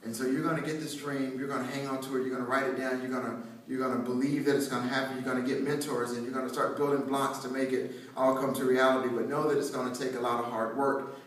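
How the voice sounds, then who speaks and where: A man from North Carolina giving an inspirational speech to students, joking and conversational, with frequent restarts. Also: mid-range voice. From North Carolina, USA. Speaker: motivational speaker addressing students. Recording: very echoey hall, heard from a distance.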